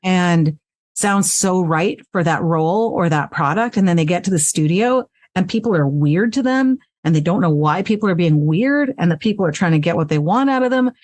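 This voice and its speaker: A woman's voice: on the low side, lively intonation, normal speed, darkish tone, dry recording. A woman voice actress talking frankly and with animation as an interview guest, swearing freely, recorded in her home recording space. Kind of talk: casual interview chat.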